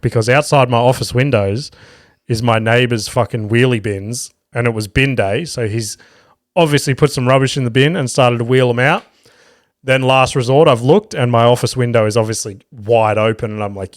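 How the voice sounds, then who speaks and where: A man's voice: medium pitch, normal speed, dry recording, studio quality. A young man hosting a solo comedy podcast, rambling and sweary, telling stories with lots of restarts and self-mockery. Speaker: podcast host.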